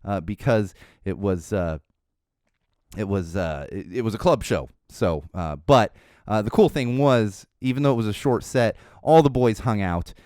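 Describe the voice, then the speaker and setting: A man's voice: fairly low pitch, measured pace, darkish tone, no echo, clean studio sound. A man hosting a podcast, telling a long casual story with many fillers and restarts. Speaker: podcast host.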